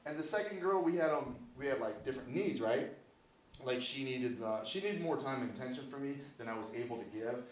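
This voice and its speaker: A man doing stand-up in a small club, his lively voice swinging up and down as he rambles through self-deprecating, foul-mouthed bits. He is picked up from a distance, so the room echoes around him with a faint hiss behind. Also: mid-range voice, a little fast. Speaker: stand-up comedian. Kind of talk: open-mic stand-up set. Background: audience laughter.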